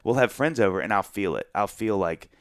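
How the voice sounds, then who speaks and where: Man in his forties, lowish voice, dry close sound, lively self-mocking storyteller. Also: fairly quick, smooth, dry recording. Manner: animated storyteller, self-mocking, many restarts and asides. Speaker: guest. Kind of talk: casual storytelling chat.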